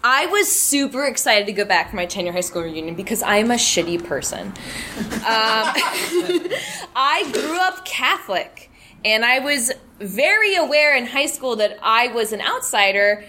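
A young woman tells a chatty, self-deprecating story to a live crowd. Her voice is bright and a little high, with faint room ambience behind it. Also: big pitch swings, a little slow, a little hiss or hum. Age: young adult.

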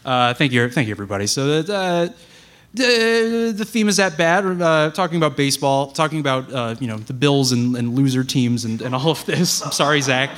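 A man's voice: mid-range voice, animated, moderate pace, fairly bright tone. A man chatting casually on stage before his set, rambling and playful with plenty of restarts. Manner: rambling, self-interrupting, playful. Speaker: writer and guest performer. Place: live venue with audience.

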